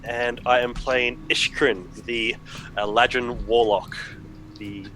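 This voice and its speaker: A man's voice: medium pitch, steady tone, takes it slowly, pushed and bright, a little hiss or hum, poor audio. A man playing in a tabletop game, introducing his character in a casual, easygoing way. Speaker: player.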